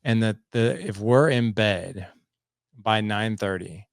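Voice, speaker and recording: A man hosting a podcast, chatting in a relaxed, rambling way and often saying "man". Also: lowish voice, takes it slowly, creaky, dry recording, studio quality. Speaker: podcast host. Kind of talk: casual interview chat.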